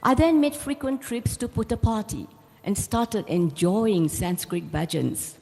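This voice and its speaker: A woman's voice: mid-range voice, animated, a little slow, vocal fry, mellow. A middle-aged woman giving a devotional talk, telling her personal story in an earnest, storytelling way. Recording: long reverb of a large hall.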